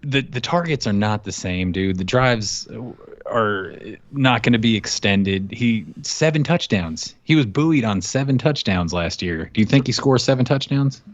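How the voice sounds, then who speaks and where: A brash man with a lowish voice, teasing his co-hosts in casual podcast banter. His mic sounds dull and lo-fi, and the room is completely dry with no echo. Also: animated, measured pace. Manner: brash, teasing, talks in bursts with slang. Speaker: podcast co-host. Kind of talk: casual banter about fantasy football.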